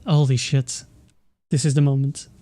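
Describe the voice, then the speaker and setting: A man's voice: mid-range voice, little pitch movement, normal speed, mellow. A man giving emotional, swear-filled commentary while playing a game. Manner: swears a lot, emotional, reads game dialogue aloud. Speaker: let's play gamer. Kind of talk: gaming commentary.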